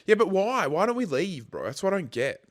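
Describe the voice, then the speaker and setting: A young Australian man co-hosting a podcast in casual chat, animated and full of swearing and "bro". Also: high voice, brisk, no echo, clean studio sound. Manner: animated, swears a lot, keeps saying bro. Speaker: podcast co-host.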